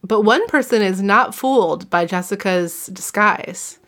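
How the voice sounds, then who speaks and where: A woman's voice: mid-range voice, a little slow, a bit bright. A woman hosting a podcast, casually recapping a book and laughing often as she reads passages aloud. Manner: laughs often while summarizing and reading aloud. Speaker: podcast host.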